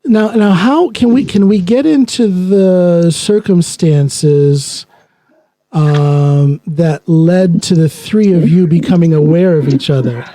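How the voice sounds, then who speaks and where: A man hosting a podcast, asking questions in a halting, hesitant way with many restarts. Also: high-pitched, dark tone, no room sound, low-quality recording. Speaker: podcast host. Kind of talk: casual interview questions.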